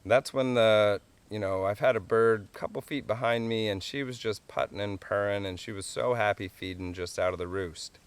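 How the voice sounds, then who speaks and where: Easygoing low-voiced man teaching. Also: moderate pace, few pauses, clear, resonant tone. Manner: easygoing, chuckles often, plain folksy explanations. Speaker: wildlife calling instructor. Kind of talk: hands-on tutorial.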